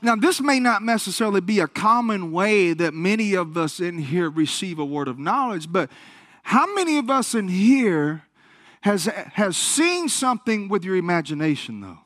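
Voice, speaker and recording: A male preacher telling a healing story in a sermon, animated and acting out the quotes. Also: high-pitched, no room sound, studio quality. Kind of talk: sermon testimony.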